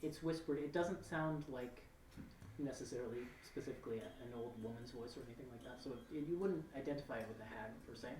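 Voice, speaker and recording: A woman's voice: very deep voice, quick pace, a little mellow, slight background noise. A woman narrating a tabletop game as game master, describing scenes with many hesitations and fillers. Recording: echoey room, far from mic.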